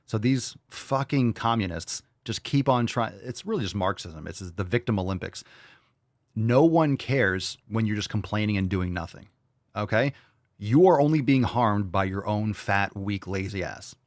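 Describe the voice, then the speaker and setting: A man's voice: fairly low pitch, animated, moderate pace, dry recording, clean studio sound. A man hosting a podcast, reacting to clips with crude, combative, profanity-laced rants. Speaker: podcast host.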